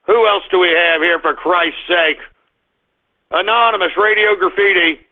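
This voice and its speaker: A man's voice: high voice, moderate pace. A male radio call-in show host, ranting and cursing heavily. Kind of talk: profane call-in show banter. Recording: narrow phone-like sound, faint music.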